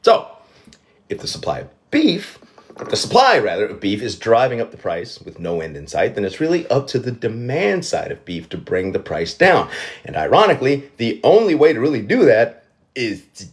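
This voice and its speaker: Sarcastic man with a lively voice. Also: mid-range voice, normal speed. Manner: sarcastic, profane asides. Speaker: host. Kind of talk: satirical news commentary. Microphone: livestream.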